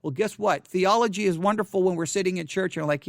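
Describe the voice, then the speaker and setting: Frustrated high-voiced man ranting. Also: normal speed, gravelly, dry recording, clean studio sound. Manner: frustrated, ranting, repeats himself. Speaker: Bible teacher. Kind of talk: unscripted video monologue.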